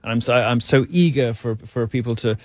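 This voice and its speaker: A man's voice: mid-range voice, brisk, no echo. A man from England with a received-pronunciation accent, a guest on a talk show, speaking in an arch, wry, theatrical way with plenty of fillers. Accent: English received pronunciation. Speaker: guest commentator. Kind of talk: casual talk-show interview.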